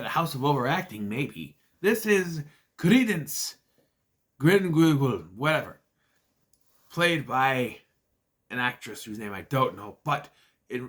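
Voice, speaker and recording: A movie reviewer with a medium-pitched, slightly bright voice casually recaps a bad film. He tosses in sarcastic asides and slips into exaggerated voices for the characters' lines.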